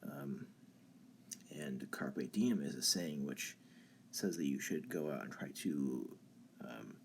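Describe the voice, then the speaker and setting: Super deep voiced guy, kinda gravelly, lots of ums, live stream rambling, faint hiss behind. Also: expressive. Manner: halting, many ums and restarts. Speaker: channel host. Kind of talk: casual philosophy talk on a live stream.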